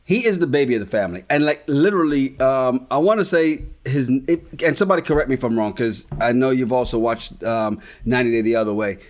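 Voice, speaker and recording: A man's voice: medium pitch, expressive, fast talker, hardly any pauses. A man from the Caribbean co-hosting a podcast in casual recap chat, blunt and swearing freely. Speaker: podcast co-host.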